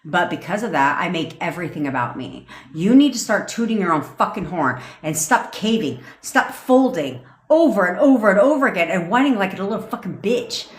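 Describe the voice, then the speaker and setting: A woman's voice: on the low side, lively intonation, a little fast, few pauses. Profane, blunt woman ranting in a roomy space. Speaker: manifestation coach. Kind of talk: livestream rant. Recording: roomy echo.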